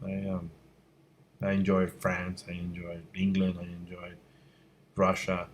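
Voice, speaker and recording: Low-voiced, blunt man from Venezuela. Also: completely flat delivery, measured pace, slight background noise. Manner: candid and blunt, gets worked up and emphatic. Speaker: visual effects course instructor. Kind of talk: casual Q&A answering viewer questions. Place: room at home at night by a window. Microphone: fixed mic, voice fades when he turns away.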